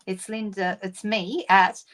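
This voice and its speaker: A woman's voice: medium pitch, fairly even intonation, slow pace, fairly bright tone. A middle-aged woman hosting a papercraft live stream, chatting casually and greeting viewers by name. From Australia.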